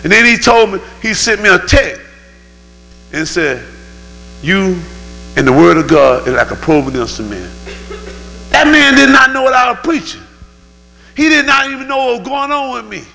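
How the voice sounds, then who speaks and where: Preacher guy, high bright gravelly voice, shouting then dropping low, long church echo, organ behind. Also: sing-song, normal speed, long pauses. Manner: fervent preaching, swings from shouts to low growls. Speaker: pastor. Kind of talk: sermon. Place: church sanctuary.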